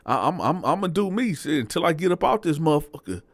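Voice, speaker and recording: A crude, swaggering older convict who boasts loudly and cusses freely, as a storyteller puts him on. His voice rides high above the teller's own low voice. The sound is dry and close. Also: very animated, fast talker, no echo. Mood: boastful. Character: brash older male convict, a swaggering neighborhood OG.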